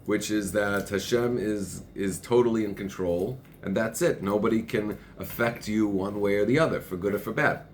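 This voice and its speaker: A man's voice: lowish voice, moderate pace, hardly any pauses, a little hiss or hum. A man teaching religious texts in conversation, working through a passage step by step and reading parts of it aloud. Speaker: Torah teacher.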